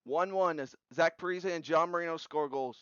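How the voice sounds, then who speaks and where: A young man recapping simulated hockey games in quick bursts of scores, getting excited at big goals. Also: on the high side, clear, resonant tone, no room sound. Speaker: video game simulation commentator. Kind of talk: play-by-play recap commentary. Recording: slightly dull lo-fi audio.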